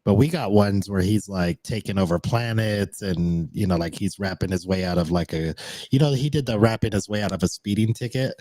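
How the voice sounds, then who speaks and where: A man's voice: on the low side, brisk, warm tone, no room sound. A man in casual live-stream chat, laid-back and enthusiastic, stretching his phrases. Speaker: co-host.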